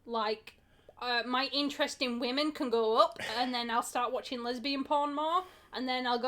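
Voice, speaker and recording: A high-pitched woman chatting on a stream. She talks frankly and rambles, swearing and giggling along the way. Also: fairly even intonation, normal speed, a bit bright. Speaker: co-host. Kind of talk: casual chat.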